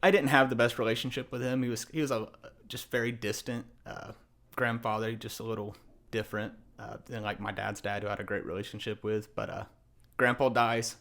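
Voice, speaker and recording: A young man in his twenties tells a story on a podcast in a casual way. He is animated and acts out the lines of the people in it, and he laughs often as he goes. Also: on the low side, brisk, gravelly. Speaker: podcast guest.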